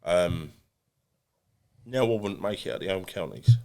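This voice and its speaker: A man's voice: deep voice, animated, unhurried, vocal fry, darkish tone, clear, resonant tone. An English man, a boxer and podcast guest, talking bluntly and self-deprecatingly with many restarts. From England. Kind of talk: casual podcast interview.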